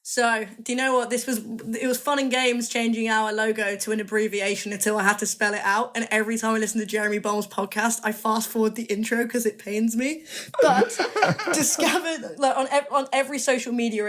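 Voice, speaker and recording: A woman's voice: fairly high pitch, fairly even intonation, a little fast, fairly bright tone. A woman, a magazine editor guest, chatting casually and enthusiastically, rambling and correcting herself as she goes. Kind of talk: casual interview chat.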